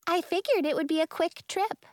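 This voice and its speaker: A woman's voice: very high voice, brisk, no room sound, studio quality, voice pushed up. A woman voicing a sly female fairy who brushes things off with a shrug. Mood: offhand. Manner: offhand, shrugging.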